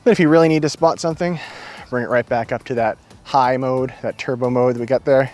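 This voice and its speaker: A man's voice: medium pitch, fairly even intonation, a little fast, a little mellow, faint music behind. A man with a New England accent, chatting enthusiastically and folksily while he reviews a headlamp outdoors at night. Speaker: gear reviewer. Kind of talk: casual outdoor product review. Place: outdoors at night near woods.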